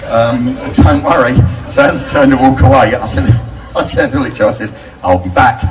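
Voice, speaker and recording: A man's voice: mid-range voice, moderate pace, hardly any pauses, loud music behind the voice. An older man telling crude, cheeky stories live to a bar crowd, laughing at his own jokes. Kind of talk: live stand-up storytelling. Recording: distant mic, loud crowd.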